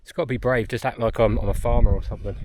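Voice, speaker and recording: A man's voice: medium pitch, fairly even intonation, racing, darkish tone, a little hiss or hum. A man, chatting casually to the camera while hiking outdoors on a mountain trail. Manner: chatty, rambling, talks to animals and camera. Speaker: vlogger.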